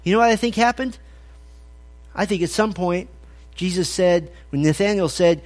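A man's voice: high voice, normal speed. A man preaching an expository sermon, conversational and emphatic as he quotes scripture. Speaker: pastor.

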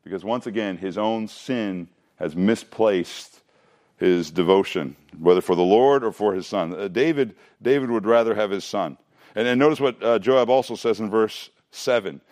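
Middle-aged male preacher, low-pitched, conversational expository teaching style, animated delivery. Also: normal speed. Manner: conversational, animated, frequent restarts.

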